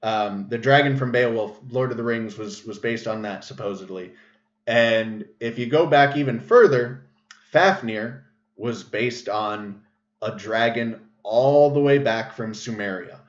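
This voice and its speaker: A mid-range male voice, unhurried, carries a casual livestream monologue from the show's host. He rambles with lots of fillers and restarts, in an echoey room whose sound is dull and lo-fi.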